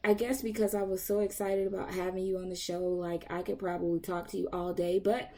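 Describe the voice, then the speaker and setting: A woman's voice: fairly low pitch, flat delivery, brisk, warm tone. A woman hosting a podcast interview, upbeat and enthusiastic, laughing often. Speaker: podcast host. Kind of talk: casual interview chat.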